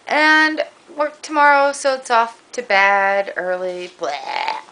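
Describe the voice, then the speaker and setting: A woman's voice: fairly high pitch, lively intonation, takes it slowly, pushed and bright, poor audio. A woman chatting casually in a home vlog, playful, switching to baby talk with her dog. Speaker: vlogger. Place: garden outdoors.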